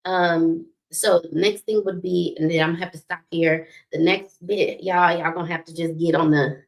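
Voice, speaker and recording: Gravelly-voiced woman giving a preachy relationship talk. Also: on the low side, fairly even intonation, normal speed. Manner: preachy, repeats key points, asks "right?" often. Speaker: host of a relationship talk stream. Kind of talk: motivational talk with faith references.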